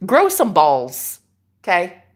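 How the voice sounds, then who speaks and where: A woman's voice: lowish voice, wildly swooping pitch, slow, slightly rough. A woman hosting a casual spiritual livestream from a rented room, sassy and laughing as she talks back to her viewers' comments. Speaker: livestream host.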